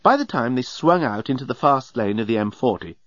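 A man narrating an audiobook in a wry, lively storytelling manner. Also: mid-range voice, brisk, no echo, lo-fi sound.

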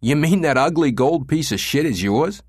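A man's voice: fairly high pitch, expressive, normal speed, breathy edge, no room sound, studio quality, voice pushed up. A man voicing a crude, cocky young male punk who swears and mocks, in a raised voice. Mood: mocking, brash. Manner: brash, swearing, mocking.

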